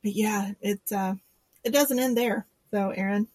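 A woman co-hosting a podcast chats casually and sarcastically, laughing and quoting people in mock voices. Her mid-range voice is fairly even, a little slow, and a little mellow, with no echo.

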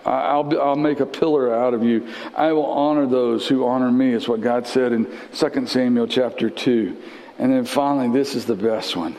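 A man preaching a sermon as a pastor, animated and often repeating the first words of a phrase. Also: mid-range voice, normal speed, in a large hall, rough recording.

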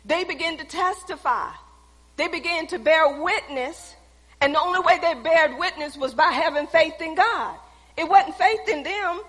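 A woman's voice: very high-pitched, moderate pace, fairly bright tone. A woman preacher delivering a sermon in an emphatic, folksy way, repeating phrases for stress, in a church sanctuary. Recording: long echoey hall reverb.

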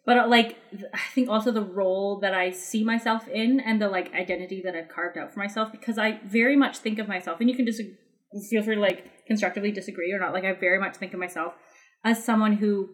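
Fast-talking young woman, rambling chat. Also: mid-range voice, fairly even intonation. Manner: rambling with many fillers and restarts. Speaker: podcast guest. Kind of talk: casual chat.

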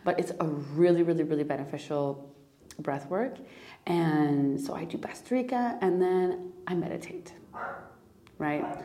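Young woman host, lowish warm voice, raw and confessional delivery. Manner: emotional, confessional, frequent swearing and restarts. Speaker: podcast host. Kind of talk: candid personal monologue.

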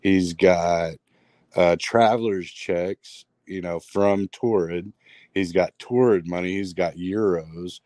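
A man's voice: deep voice, slow pace, no room sound. A man telling a strange story in a rambling, casual way, full of fillers and restarts. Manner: rambling, filler-heavy, animated retelling. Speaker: guest storyteller.

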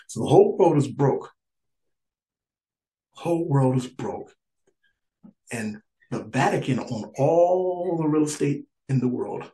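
A man's voice: mid-range voice, animated, takes it slowly, long pauses, warm tone. Chuckling rambling male stand-up comic. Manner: rambling and repetitive, stammering restarts, chuckling through lines. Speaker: stand-up comedian. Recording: echoey room, faint noise.

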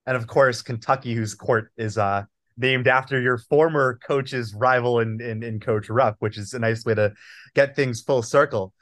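Man interviewing, measured questions. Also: medium pitch, steady tone, fairly bright tone. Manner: measured, asks long setup questions. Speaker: podcast host.

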